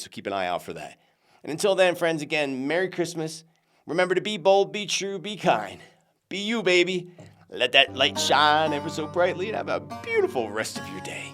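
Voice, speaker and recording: A man's voice: on the high side, moderate pace, faint music behind. A man hosting his own psychic talk show, chatting casually and joking as he reads out viewers' holiday cards. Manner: lively, animated, jokey, grateful.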